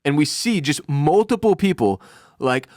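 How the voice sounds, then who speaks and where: Animated man recapping a TV episode. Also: fairly high pitch, no echo, clean studio sound. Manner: animated, acts out characters' lines in quick impressions. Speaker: podcast co-host. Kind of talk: casual TV recap chat.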